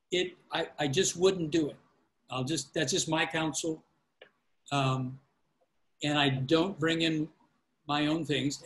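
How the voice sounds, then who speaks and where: A man's voice: a little high, rough recording. A man, a pastor, teaching a class on preaching over a call, giving earnest fatherly counsel and often restarting his sentences. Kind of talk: informal teaching on a video call.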